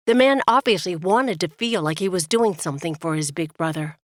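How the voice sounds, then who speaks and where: A woman narrating an audiobook in a steady, measured way. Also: fairly low pitch, no echo, clean studio sound.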